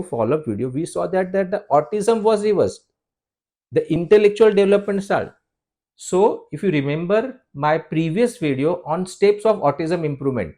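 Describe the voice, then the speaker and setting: Doctor explaining to viewers. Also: male voice, fairly high pitch, a little mellow. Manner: lecturing, repeats "friends" and poses questions to answer them. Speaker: homeopathy doctor. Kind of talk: explanatory talk to camera.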